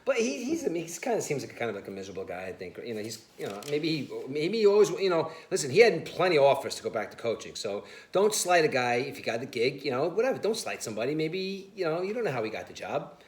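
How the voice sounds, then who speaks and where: Fast-talking man in a roomy sports chat. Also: fairly high pitch. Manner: animated, laughing storyteller, says "listen" and "you know" a lot. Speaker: sports show co-host.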